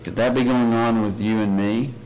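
A man's voice: fairly low pitch, steady tone, moderate pace, darkish tone, rough recording. A man preaching a sermon, earnest, asking his listeners questions and reading scripture aloud with rising emphasis. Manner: earnest, asks the congregation many questions.

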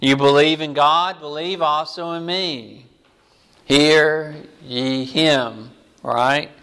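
A man preaching a sermon, reading scripture passages aloud slowly and deliberately. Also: fairly high pitch, steady tone, pushed and bright, clear, resonant tone.

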